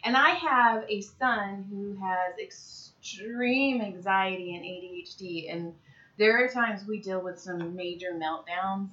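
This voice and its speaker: Woman, comedian, casual chat, animated, profane, bright tone, muffled recording. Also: medium pitch, slow pace. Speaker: comedian and podcast co-host. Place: Santa Clarita area. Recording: dull lo-fi recording.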